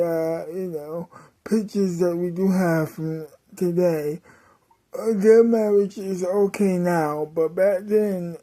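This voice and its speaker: A woman tells a comic story at an unhurried pace, her voice mellow and soft-edged. She plays it dramatically, stopping to correct herself and sometimes bursting out. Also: lowish voice. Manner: dramatic, with self-corrections and sudden outbursts. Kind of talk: comedic storytelling.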